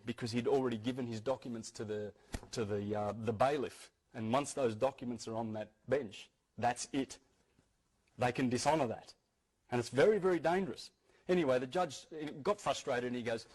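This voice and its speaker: In a husky, mid-range voice at a moderate pace, a man earnestly gives a lecture-style talk to an audience. Key phrases get repeated, and his sentences are often restarted.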